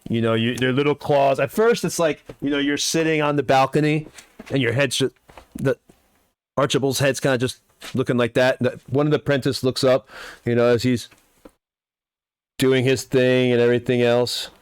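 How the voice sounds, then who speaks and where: A man's voice: medium pitch, fairly even intonation, normal speed, smooth. A man narrating a tabletop game as game master, rambling with lots of fillers.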